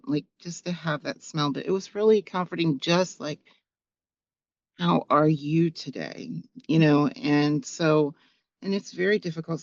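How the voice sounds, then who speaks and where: A woman gently telling how advice from a friend helped her through grief. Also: low-pitched, dry recording. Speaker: guest. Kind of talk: emotional personal conversation. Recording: dull, dry sound.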